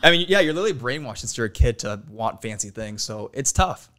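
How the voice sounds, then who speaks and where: Young guy in his 20s on a podcast, smooth clear voice, laid back and candid. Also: mid-range voice, expressive, fast, sharp tone. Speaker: podcast guest. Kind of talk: casual chat.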